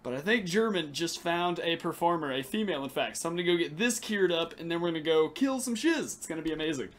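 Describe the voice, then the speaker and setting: A man giving joking, excitable commentary while he plays a game late at night and laughs often. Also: on the high side, fast. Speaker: gaming channel host. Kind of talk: casual gameplay commentary.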